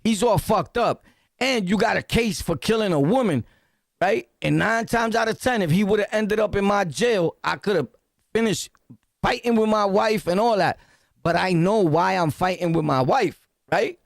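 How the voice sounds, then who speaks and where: A man's voice: high-pitched, moderate pace, creaky, no echo, clean studio sound. A man with a Brooklyn accent giving a profane, boastful reaction rant full of street slang, laughing often. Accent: Brooklyn New York. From Brooklyn, New York. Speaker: reaction commentator. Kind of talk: loud casual reaction rant.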